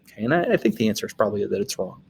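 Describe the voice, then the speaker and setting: A man's voice: lowish voice, animated, very fast, creaky, a little hiss or hum. A man from Wisconsin, a teacher, recapping the day's lesson in a casual way, with joking asides and frequent "okay?" check-ins. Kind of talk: recorded class recap lecture.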